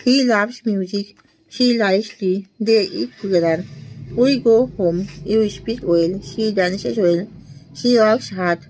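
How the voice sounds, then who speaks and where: Her voice medium in pitch and somewhat dark, a woman from India in her 20s works as an English tutor, reading brief practice sentences one by one. She goes slowly and deliberately, laughing a little, and the audio is poor.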